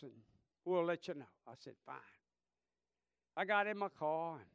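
Male pastor in his thirties, sermon delivery that swings from loud to hushed, high lively voice, unhurried pace. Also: clean tone, dry recording, clean studio sound. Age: 30s. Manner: impassioned, swings from shouting to hushed storytelling.

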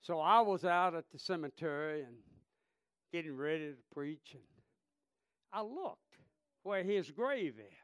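Male pastor in his thirties, sermon delivery that swings from loud to hushed, high lively voice, unhurried pace. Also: clear, resonant tone, no room sound, clean studio sound. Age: 30s. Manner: impassioned, swings from shouting to hushed storytelling.

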